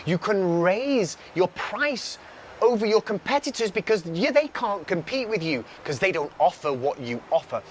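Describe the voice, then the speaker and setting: Animated male business speaker outdoors. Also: a little high, slight background noise. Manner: animated storytelling, repeats phrases for emphasis. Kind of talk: casual motivational talk. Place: outdoors on a balcony by a road.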